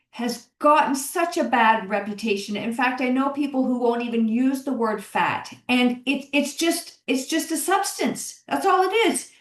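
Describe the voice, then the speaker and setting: Higher-voiced woman, roomy distant sound. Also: fairly bright tone. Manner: encouraging, conversational, repeats key phrases. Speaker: podcast host, health coach. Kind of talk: solo podcast monologue.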